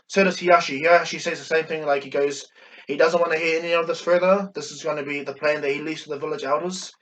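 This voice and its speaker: A man's voice: medium pitch, fairly bright tone, recorded from a distance, highs cut off. A man casually retelling a fan-made story, rambling with many fillers and restarts.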